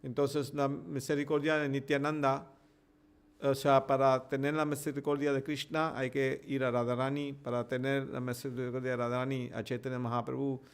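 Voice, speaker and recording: Gravelly-voiced man preaching. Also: medium pitch, little pitch movement. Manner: translates himself line by line, halting restarts. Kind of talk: devotional scripture class.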